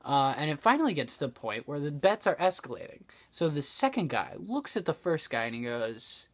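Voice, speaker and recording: A young man telling jokes into his phone in a slow, deadpan way, with self-deprecating asides. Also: on the high side. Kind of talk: casual joke-telling to a phone camera.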